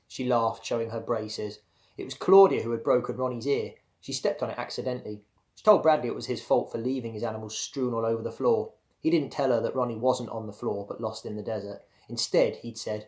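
A man reading a children's storybook aloud to his class. He narrates at an easy, even storytelling pace. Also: medium pitch, a little fast. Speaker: primary school teacher.

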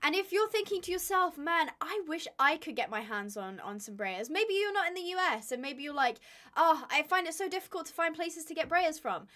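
A woman's voice: extremely high pitch, expressive, brisk, a bit bright. A young woman live-streaming, chatting casually with her viewers, tired and with her voice giving out. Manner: chatty, rambling, laughs often. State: tired, voice going.

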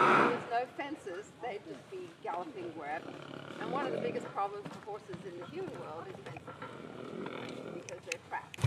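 Animated woman explaining horses outdoors. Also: fairly high pitch, gravelly. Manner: animated, acts out little voices for horses and people. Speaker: horse trainer. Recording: distant mic with loud outdoor noise.

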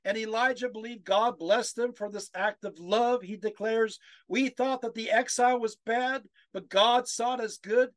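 A man's voice: extremely high pitch, fairly even intonation, normal speed, hardly any pauses, no echo. A man giving a history lecture over a video call, reading quotes aloud and getting choked up with emotion, with many fillers and rhetorical questions.

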